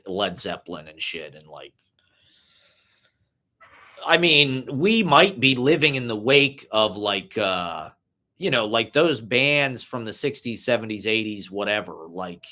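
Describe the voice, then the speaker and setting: A man's voice: fairly low pitch, very animated, unhurried, sharp tone. A young man musing in a loose, casual monologue, swearing freely and padding his talk with "like" and "you know". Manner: loose, profane, full of "like" and "you know" fillers. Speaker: vlogger.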